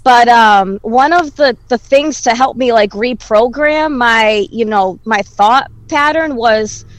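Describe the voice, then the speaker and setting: A woman's voice: fairly high pitch, slow, no echo, poor audio. A woman talking candidly in casual chat, reflective and swearing freely.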